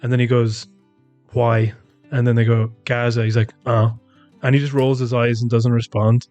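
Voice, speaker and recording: A man's voice: medium pitch, level tone, brisk, darkish tone, dry recording, dull audio, faint music behind. An Irish man co-hosting a podcast in casual chat, retelling events and mimicking the people he quotes. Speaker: podcast co-host.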